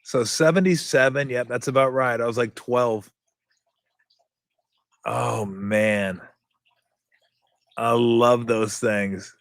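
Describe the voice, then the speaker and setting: A man's voice: medium pitch, slow pace, vocal fry, pauses often, no echo. A man in his fifties hosting a casual sports radio show, telling stories and imitating toy game beeps and buzzes. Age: 50s. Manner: animated storytelling, mimics game sound effects.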